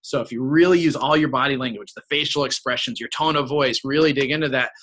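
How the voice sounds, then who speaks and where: Bright-voiced man giving sales training. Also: mid-range voice, fast talker. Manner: acts out sales lines with shifts in tone; conversational, frequent "right?" tag questions. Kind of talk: casual instructional talk.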